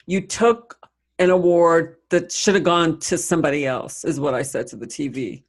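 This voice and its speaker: A man co-hosting a casual film chat, laughing often and chiming in with quick agreement. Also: a little high. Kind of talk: casual podcast film discussion.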